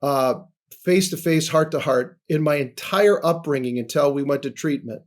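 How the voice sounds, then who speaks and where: An older man in his sixties with a slightly higher voice than most men, telling his life story as a podcast guest. He talks earnestly and often sinks into a soft, low murmur. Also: moderate pace. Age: 60s. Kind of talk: personal testimony in a podcast interview.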